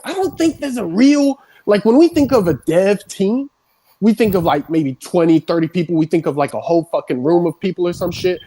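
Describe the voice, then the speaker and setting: A streamer on a heated rant who swears constantly and builds up into shouting, voice starting to crack. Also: mid-range voice, a little fast.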